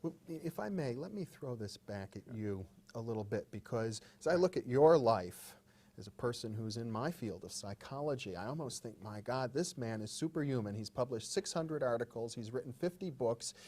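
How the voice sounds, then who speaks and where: A man, a psychologist, interviewing a guest in a respectful, measured way with some hesitant restarts. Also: medium pitch, animated, a little mellow, husky. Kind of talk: interview questions.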